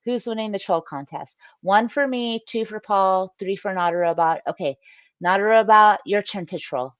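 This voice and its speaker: A woman's voice: medium pitch, moderate pace, clear, resonant tone, no room sound. A woman hosting a livestream voice chat, teasing her guests, swearing and laughing often. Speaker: livestream host. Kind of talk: casual voice-chat banter. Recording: dull lo-fi voice chat.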